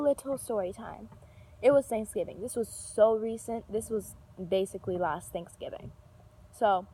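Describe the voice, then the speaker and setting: Young woman, casual storytime vlogger, chatty and rambling, slightly high voice, swears freely. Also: slight background noise. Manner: animated, yells when reenacting an argument; lots of filler and restarts, swears casually.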